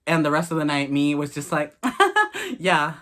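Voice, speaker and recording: A man's voice: on the high side, wildly swooping pitch, normal speed, bright, forceful tone. A man in his late teens, telling a personal story in a candid, gossipy, profane way. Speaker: vlogger. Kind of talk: casual story time.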